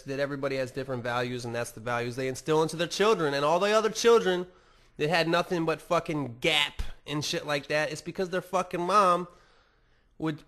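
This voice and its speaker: A man's voice: fairly high pitch, fairly bright tone. A man hosting a podcast, rambling casually and swearing a lot while mocking himself. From United States. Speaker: podcast host. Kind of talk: casual profane monologue.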